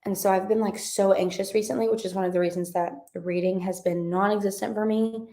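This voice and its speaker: This woman's warm mid-range voice moves fairly quickly with fairly even intonation. In her twenties, she hosts a live reading stream, casually reading out chat comments and answering them in a bubbly, rambling style heavy on fillers.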